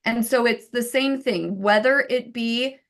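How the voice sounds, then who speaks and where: A woman in her thirties, a software co-founder, giving casual marketing advice in a lively way, often asking "right?" and acting out quotes. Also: a little high, a little slow, vocal fry. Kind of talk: casual teaching talk with screen share.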